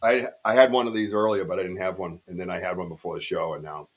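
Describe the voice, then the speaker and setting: A man hosting a casual podcast livestream from his home studio, talking in an excitable, rambling way and giving shout-outs to the chat. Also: deep voice, fast talker. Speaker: podcast host.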